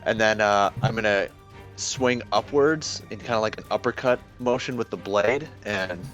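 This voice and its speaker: Low-voiced man playing a tabletop game. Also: moderate pace, fairly bright tone, soft background music. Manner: casual, hesitant, with fillers. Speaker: player. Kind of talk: casual tabletop play.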